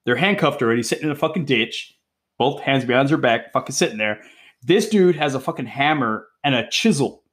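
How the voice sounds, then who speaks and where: Podcast guest: a middle-pitched cop in his forties, excitable, cursing through his war stories. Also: fairly quick. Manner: profane, excitable, peppers talk with "bro" and "dude". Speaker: guest, police drug interdiction officer. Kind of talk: casual storytelling chat.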